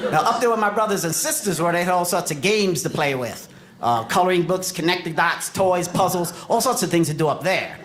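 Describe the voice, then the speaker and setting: Animated stand-up comedian from New York. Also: male voice, fairly quick, noisy background. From New York City. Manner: animated storytelling, jumps into high voices for quotes. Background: audience laughter.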